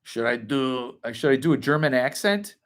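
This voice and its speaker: A man's voice: mid-range voice, lively intonation, moderate pace. A man hosting a casual livestream, rambling as he reads and answers chat comments. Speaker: host.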